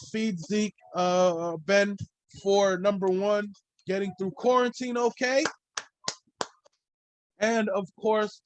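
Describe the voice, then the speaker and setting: A man's voice: high voice, dry recording, rough recording. A man hosting a solo sports podcast, talking in a loose, rambling way and swearing freely. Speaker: podcast host.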